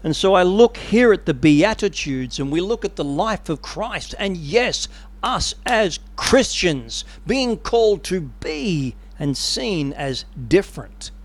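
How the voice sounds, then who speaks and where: Animated male preacher. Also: high-pitched, slow. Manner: animated storytelling, dramatic. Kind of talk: sermon.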